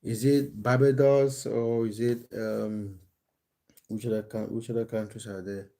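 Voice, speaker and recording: A man with a soft, mellow voice chats loosely with viewers on a live stream, recorded on his phone at home. He talks in stops and starts, restarting his sentences and filling gaps with ums. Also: on the low side, little pitch movement, unhurried, vocal fry. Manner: chatty, hesitant, many restarts and fillers. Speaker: football coach and live streamer. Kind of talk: casual live-stream chat reading viewer comments. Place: at home in England.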